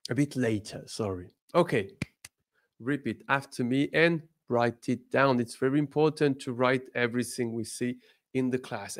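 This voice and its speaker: Slow, lively male teacher. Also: mid-range voice. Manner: slow, expressive, encouraging drills. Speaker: French teacher. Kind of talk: beginner language lesson.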